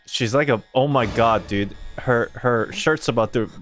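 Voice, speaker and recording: A man streaming a live game playthrough, excitable and quick to exclaim. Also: mid-range voice, soft background music. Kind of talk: live gameplay reaction.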